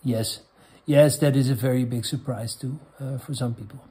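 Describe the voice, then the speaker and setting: A man with a Dutch accent, a native Dutch speaker, hosting a comedy vlog and reading out viewer questions in a crude, rambling, halting way. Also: mid-range voice, fairly even intonation, dark tone. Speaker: host.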